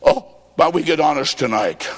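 A fervent evangelist man preaching in a big hall, his fairly high voice ringing out with a long echo. He shouts his points and tells stories in quoted dialogue, sometimes drawing words out almost into song. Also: lively intonation, moderate pace. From Illinois, United States. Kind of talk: revival sermon.

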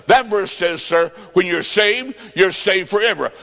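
A man preaching a sermon in an emphatic, folksy way, with sudden shouted bursts and dry humor. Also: high-pitched, unhurried, gravelly.

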